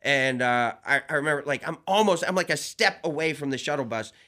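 A man, a stand-up comedian, telling a story in casual talk, animated and laughing often as he goes. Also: on the high side, a little fast.

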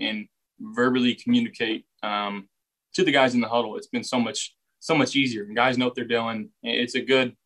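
A young man, a football quarterback, answering reporters' questions in a relaxed way, often repeating words as he finds his phrasing. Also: mid-range voice, low-quality recording. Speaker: football quarterback at a press session. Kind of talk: casual press interview answers.

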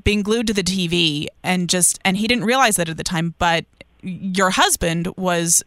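Soft-spoken woman interviewer. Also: fairly low pitch, normal speed, no echo, studio quality. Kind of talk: gentle interview questions.

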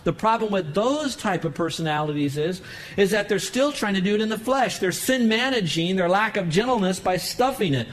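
A man's voice: animated, a little fast, rough recording. Man preaching, fervent and emphatic. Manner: emphatic preaching with sudden rises in pitch and volume. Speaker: pastor. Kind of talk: sermon. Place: church sanctuary.

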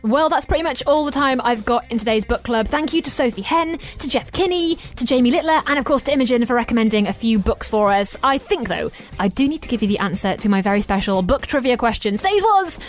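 A woman's voice: fairly high pitch, animated, fast talker, few pauses, faint music behind. A woman hosting a book club show, chatting through thanks and a trivia question. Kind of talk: radio-style presenting.

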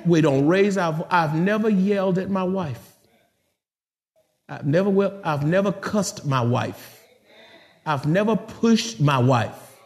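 A middle-aged pastor with a slightly high voice preaches a sermon. He speaks directly to his congregation in an animated, conversational way, joking as he goes.

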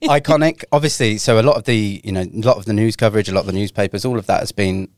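A man's voice: on the low side, racing, dry recording, studio quality. A man from London with a London accent, co-hosting a podcast in a laid-back, teasing way. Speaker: podcast co-host. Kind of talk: casual chat.

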